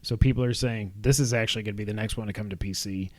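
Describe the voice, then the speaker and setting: A man's voice: lowish voice, fairly even intonation, no echo. Young male podcast co-host, casual news rundown, dry booth sound. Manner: chatty, runs through news items with quick asides.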